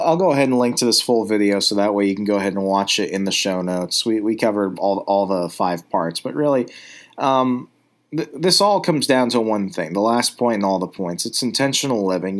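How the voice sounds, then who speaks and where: Earnest low-voiced man hosting a podcast. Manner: earnest, rambling with restarts. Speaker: podcast host. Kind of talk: casual reaction commentary.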